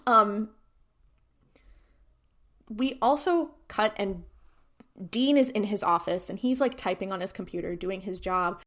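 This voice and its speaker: A woman's voice: medium pitch, measured pace, long pauses. A woman co-hosting a podcast, casually retelling a TV episode with quoted lines and frequent filler words. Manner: animated retelling with quoted voices, many "like"s. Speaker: podcast co-host. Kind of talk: casual recap chat.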